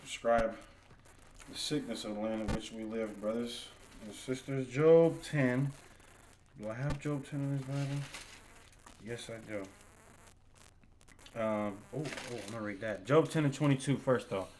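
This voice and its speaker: A man's voice: medium pitch, unhurried, pauses often, darkish tone, a little hiss or hum, low-quality recording. A man co-hosting a livestream Bible class, reading verses aloud and commenting bluntly, with profanity. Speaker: co-host reading scripture.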